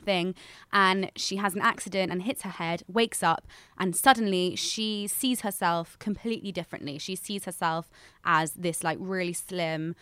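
A woman's voice: fairly low pitch, fairly even intonation, moderate pace, few pauses, sharp tone, clean tone, dry recording. Woman, podcast co-host, opinionated, chatty, dry close sound. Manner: opinionated, chatty, many fillers and restarts. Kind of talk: casual chat, film review.

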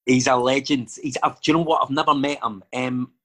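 Rambling Scottish man, husky voice. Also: medium pitch, fairly even intonation, fairly quick, fairly bright tone. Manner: rambling, lots of fillers and digressions. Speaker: actor and filmmaker guest. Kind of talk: casual chat.

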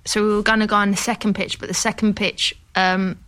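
A woman's voice: medium pitch, little pitch movement, a little fast, fairly bright tone. A woman from England, a football pundit and podcast guest, telling stories in loose conversational chat. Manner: conversational storyteller, plenty of "like" fillers.

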